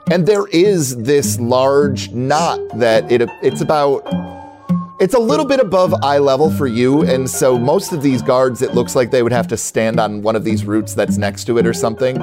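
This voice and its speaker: A man's voice: medium pitch, lively intonation, normal speed, over music. Man narrating as game master. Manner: chatty, laughing, loose descriptive narration.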